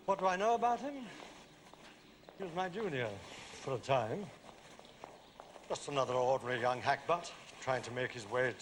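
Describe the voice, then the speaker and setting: An actor playing a dry, worldly older barrister in a film, speaking in a wry, clipped drawl. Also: male voice, medium pitch, a bit bright, a little hiss or hum, close to an everyday voice. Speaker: senior lawyer.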